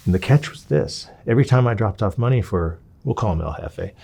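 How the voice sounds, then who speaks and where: A man from Los Angeles, an interview guest, telling his story in a casual, animated way. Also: lowish voice, a little fast, gravelly, breathy edge. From Los Angeles, USA. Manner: animated, acts out quoted dialogue.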